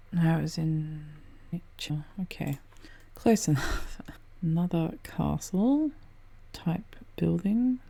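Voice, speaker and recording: A low-pitched woman talking through a game in a relaxed, casual way. Her voice is heavily gravelly with vocal fry, dark and husky in tone. She often drops into muttered, half-whispered asides. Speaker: game commentator. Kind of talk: casual gameplay commentary.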